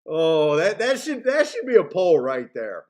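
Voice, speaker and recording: A man with a notably high voice hosts a live horse racing stream, chatting loosely with his viewers. He rambles, swears freely and breaks into laughter often. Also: huge pitch swings, a little slow. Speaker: horse racing handicapping show host. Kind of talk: casual live-stream chat.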